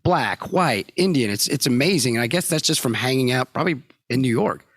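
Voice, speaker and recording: A middle-aged man hosts a podcast and asks long, loose questions, laughing easily along the way. His voice sits at a medium pitch. The recording is dry and close, with no room sound. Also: lively intonation, brisk, a bit bright, no room sound. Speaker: podcast host. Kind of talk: casual interview questions.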